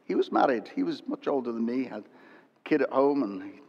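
Older pastor preaching, animated storytelling, echoey church hall, dull sound. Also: male voice, mid-range voice, fairly quick, vocal fry. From England. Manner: animated storytelling that swings from loud to hushed. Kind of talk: sermon.

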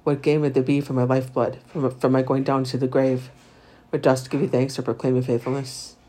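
A man reciting the Divine Office, reading psalms and lessons in a steady liturgical recitation. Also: medium pitch, a little fast. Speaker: prayer leader.

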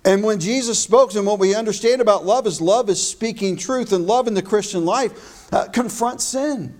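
A man with a high voice preaches a sermon. His delivery is emphatic, and he slows and stresses his key phrases. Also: a little mellow. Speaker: pastor.

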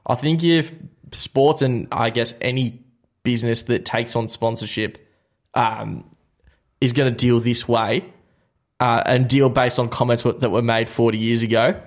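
A young Australian man co-hosting a sports podcast, talking in a relaxed, chatty way and laughing often. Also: mid-range voice, a little slow. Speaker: podcast co-host. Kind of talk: casual sports chat.

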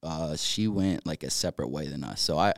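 A young man from North Carolina, a podcast guest, retelling events in a rapid, filler-heavy way with many restarts. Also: a bass voice, vocal fry, dry recording, clean studio sound. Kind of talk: casual storytelling in an interview.

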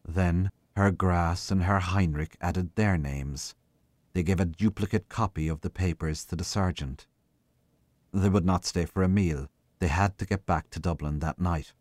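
A man reading a short story aloud in a measured, unhurried way. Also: low voice, fairly even intonation, a little mellow, no echo. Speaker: guest reader.

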